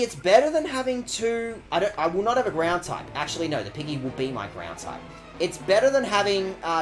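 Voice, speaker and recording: A man talks his way through a video game in a loose, joking ramble, cursing now and then. His pitch sits a bit high and swings a lot. Quiet game music plays underneath. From Australia. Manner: playful, rambling, swears freely. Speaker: streamer. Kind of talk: casual game-stream commentary.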